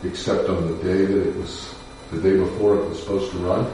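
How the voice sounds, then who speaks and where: A man, a defense lawyer, telling a personal story in a measured, somber way with pauses and fillers. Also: low voice, little pitch movement, mellow, far from the mic, slight background noise. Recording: echoey room picked up from afar.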